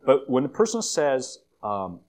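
A man giving a conversational church sermon with slides, a self-described long-winded speaker who often fills pauses and restarts phrases. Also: mid-range voice, very animated, darkish tone. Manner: conversational, with frequent fillers and restarts. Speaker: guest preacher.

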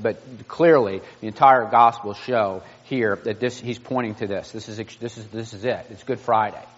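A man preaching a sermon, earnest, asking the congregation rhetorical questions and often restarting his phrases. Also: mid-range voice. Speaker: pastor. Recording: muffled, reverberant room sound.

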